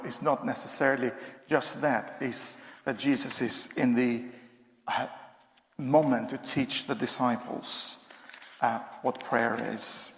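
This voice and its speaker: A minister preaching in a church hall, speaking conversationally with frequent pauses and ums. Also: male voice, mid-range voice. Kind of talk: sermon. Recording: echoey church hall reverb.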